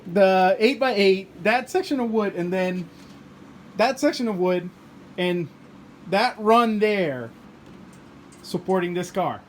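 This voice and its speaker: A man's voice: high voice, animated, slow pace, long pauses, a little hiss or hum. A man hosting a car channel, chatting casually in his home garage, joking, laughing and swearing as he works. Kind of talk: casual garage chat to camera.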